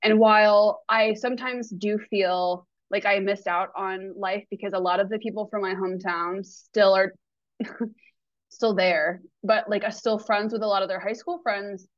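A woman's voice: medium pitch, fairly even intonation, unhurried, no echo. A woman guest talking candidly and with animation in a casual podcast conversation, swearing now and then. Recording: slightly muffled, dry.

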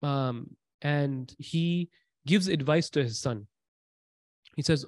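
A man giving an informal religious talk, telling stories in a conversational way with fillers and restarts, and breaking into quick recitation. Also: on the high side, no room sound. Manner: recites scripture in quick chanting bursts. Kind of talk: informal sermon.

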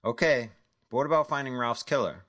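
A man's voice: mid-range voice, brisk, fairly bright tone, pitched above the performer's own voice, lightly acted. A man voicing a nervous male hustler who bluffs his way through a deal, speaking in hesitant, eager questions. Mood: uneasy.

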